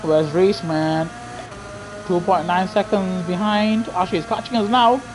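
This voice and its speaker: In a high, steady, unhurried voice, a man streams racing gameplay live from home on a gaming headset, faint game noise in the background. He chats casually, says "man" often, and struggles with a dry throat and bouts of coughing.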